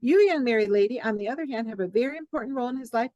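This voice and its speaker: A sassy Southern woman with a Southern drawl hands out blunt, folksy advice, as a woman puts her on. The voice sits a little high and comes through dry and close. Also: animated, racing, warm tone, no room sound, highs cut off, lightly acted. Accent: American Southern.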